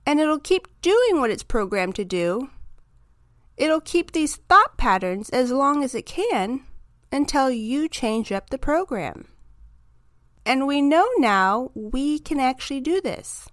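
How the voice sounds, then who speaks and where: A woman hosting a self-help podcast, talking through her ideas in a calm, reflective, encouraging monologue. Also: sits high, slow, no room sound, clean studio sound. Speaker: podcast host.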